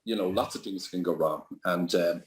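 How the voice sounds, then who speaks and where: A man's voice: low-pitched, moderate pace. An older Irish man, a guest on an interview show, telling rambling anecdotes full of restarts. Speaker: guest entrepreneur. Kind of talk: storytelling interview.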